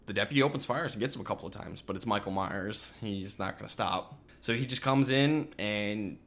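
A man's voice: on the low side, fairly quick, a bit bright. A man co-hosting a podcast, casually retelling a movie's plot and acting out characters' lines. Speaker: podcast co-host. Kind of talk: casual movie recap chat.

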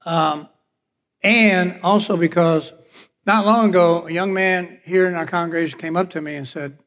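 A fairly high-voiced man preaches a sermon from the pulpit, his words ringing with the long reverb of a big hall. He tells a personal testimony and acts out the voices in his stories. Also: steady tone, moderate pace, fairly bright tone. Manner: storytelling, acts out quoted dialogue. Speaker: pastor.

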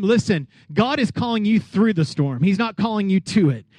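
A man's voice: sits high, moderate pace, hardly any pauses, dry recording. A man preaching a sermon as pastor, acting out Bible scenes and asking the crowd questions. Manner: lively, acts out Bible characters, asks the crowd questions.

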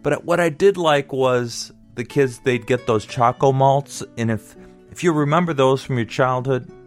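A man's voice: medium pitch, a little slow, soft background music. Wry middle-aged man telling a story. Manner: conversational, wry, nostalgic. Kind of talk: personal storytelling.

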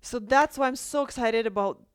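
A woman's voice: a little high, moderate pace, smooth, dry recording. Earnest woman coaching, dry close sound. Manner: earnest, conversational, asks rhetorical questions. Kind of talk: casual self-help talk.

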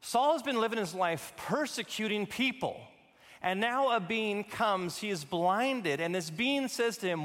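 A man's voice: high-pitched, expressive, unhurried, fairly bright tone, long reverb tail. A man pastor preaching a sermon to his congregation, building emphatic repeated phrases.

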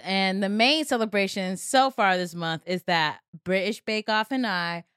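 A woman's voice: medium pitch, a little slow, a bit bright, clean tone, no echo, clean studio sound. A woman in her thirties hosting a podcast in casual chat, giggly and playful, joking in mock slang. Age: 30s. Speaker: podcast host. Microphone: studio mic.

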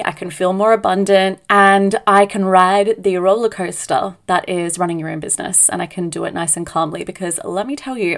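A woman, hosting her own podcast in a chatty, upbeat, self-mocking way. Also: mid-range voice. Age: 30s. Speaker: podcast host and business coach. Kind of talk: casual solo podcast chat.

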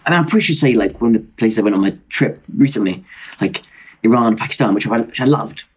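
Excitable husky young man. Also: fairly low pitch, quick pace, low-quality recording. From Britain. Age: 20s. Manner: excitable, animated storyteller. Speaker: podcast guest. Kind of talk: casual chat. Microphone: video call.

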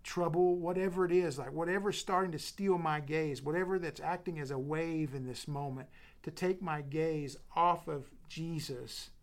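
A middle-aged man preaching a sermon as pastor, dropping to soft whispers and building with emphatic repetition. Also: fairly high pitch, moderate pace.

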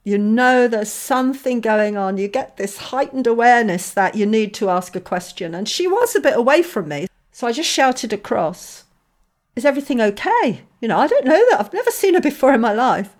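A woman, a missionary guest telling a personal story in conversation, acting out dialogue with lively shifts. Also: fairly high pitch, a little fast, hardly any pauses.

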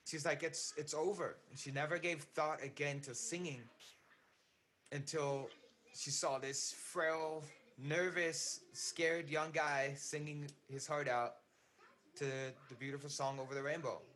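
A man's voice: on the high side, steady tone, measured pace, a bit bright. A man, a singer being interviewed, telling a personal story in a casual, earnest way, often repeating words and saying "man".

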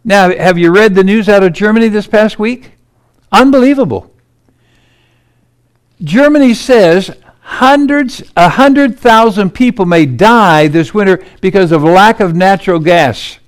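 A man's voice: sits high, moderate pace, hardly any pauses, clean tone. A man giving urgent political commentary over maps and headlines, emphatic and incredulous.

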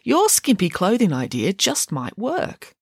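A woman reading a storybook, voicing a clever, dry-witted teenage schoolgirl who talks in a calm, deadpan way. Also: medium pitch, unhurried, slightly rough, no echo, pitched above the performer's own voice, exaggerated voice.

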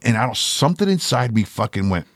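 Profane older man telling a lively story. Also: medium pitch, fast, gravelly, dry recording, clean studio sound. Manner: profane, animated storyteller who acts out voices. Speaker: podcast co-host. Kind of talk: casual storytelling.

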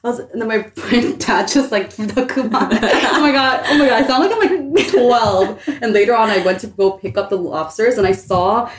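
A young woman hosting a casual chat with her roommates, an animated storyteller who laughs often and swears casually. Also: on the high side, a little fast, few pauses. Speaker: podcast host. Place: shared apartment room. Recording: echoey room.

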